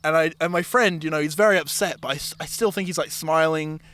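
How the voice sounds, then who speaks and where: A man's voice: on the high side, quick pace. A man hosting a casual podcast chat, telling a story with lots of swearing and acted-out voices. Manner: animated storyteller, swears freely, acts out voices. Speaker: podcast host.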